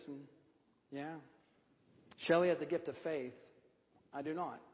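A pastor preaches a sermon emphatically, leading the congregation in repeating a phrase before shifting to casual chat. His voice is on the high side and unhurried, with long pauses and faint music behind. The audio is dull, in a reverberant sanctuary.

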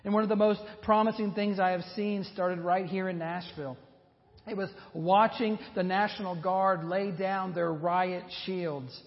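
A male pastor delivers an earnest sermon with a somewhat high voice, pausing slowly to press his points home. The sound is dull and lo-fi, and a long reverb trails from the church hall around him. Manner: earnest, measured preaching with slow emphatic pauses.

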